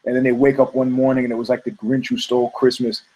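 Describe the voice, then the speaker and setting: A man at medium pitch hosting a talk show who rambles through a story. He swears freely and keeps restarting his sentences with asides. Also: flat delivery, fast talker, darkish tone, low-quality recording. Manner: rambling, profane, many restarts. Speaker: host.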